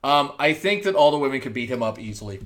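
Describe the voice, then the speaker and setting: A man hosts a casual wrestling review. He rambles, cracks jokes and fills his pauses with ums. His voice sits at an ordinary, middle pitch. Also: expressive, fairly bright tone. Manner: rambling, joking, trails off with ums. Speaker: podcast host.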